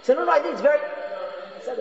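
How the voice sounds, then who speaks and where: A man with a rather high voice gives an informal Torah lecture, earnestly circling back and repeating his points. The sound is dull and lo-fi, and the long reverb of a big echoey hall hangs around every word. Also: expressive, fairly quick, creaky. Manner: earnest, repeats phrases for emphasis. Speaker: Torah class teacher.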